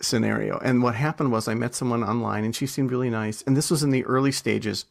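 A man with a gravelly, fry-tinged voice tells stories in an interview. He is chatty and self-deprecating, laughs often, and restarts his sentences as he goes. His pitch sits right in the middle for a man. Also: steady tone, quick pace. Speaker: author and entrepreneur guest. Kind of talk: casual storytelling interview.

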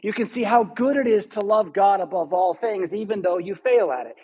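A man's voice: sits high, animated, fairly quick, a little mellow, slightly rough, poor audio. A male pastor giving a sermon in a church, teaching steadily and stressing key words. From United States.

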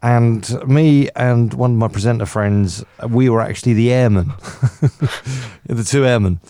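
A radio presenter in relaxed chat, his voice sitting in an ordinary middle register. He talks with eager enthusiasm and likes to boss his co-hosts around playfully. The sound is close and dry. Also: mid-range voice, measured pace, dry recording. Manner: enthusiastic and bossy, teasing co-hosts.

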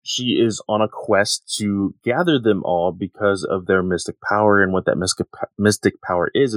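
Low-voiced man, casual chatty recap. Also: dry recording. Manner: relaxed, many fillers, plays out quotes. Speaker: podcast co-host. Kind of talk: casual manga discussion.

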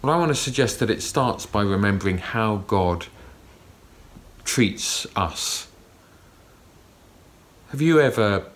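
Male preacher, mid-pitched voice, calm sermon delivery with gentle emphasis.

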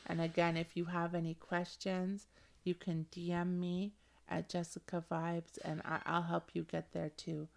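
A woman's voice: on the low side, completely flat delivery, unhurried, vocal fry. A woman hosting a motivational podcast, leading a guided visualization in a gushing, effusive way and calling listeners honey. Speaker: podcast host.

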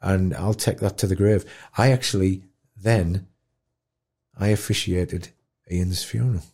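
Low dark husky man, animated storyteller. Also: a little slow. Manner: animated, emotional storyteller, drops to a hush at tender moments. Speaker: guest musician in care.

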